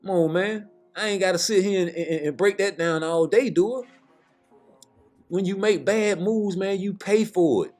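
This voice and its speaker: A man's voice: high voice, normal speed, darkish tone, faint music behind. A man giving heated, profane boxing commentary in a casual rant, blunt and repeating points for emphasis.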